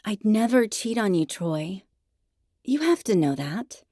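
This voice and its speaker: A woman's voice: medium pitch, animated, unhurried, mellow, no room sound, clean studio sound. A woman voicing an exasperated young woman who argues with her boyfriend in a raised, indignant, pleading tone. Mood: earnest.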